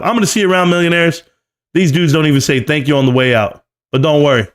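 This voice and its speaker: A man's voice: medium pitch, lively intonation, quick pace. A man hosting a live stream, ranting in a brash, boastful and taunting way. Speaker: stock market live streamer.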